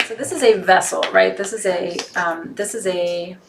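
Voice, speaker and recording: A woman's voice: on the low side, normal speed, vocal fry, noisy background. A woman hosting a live crystal shopping show, chatting in a gushing way with many fillers. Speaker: host selling crystals.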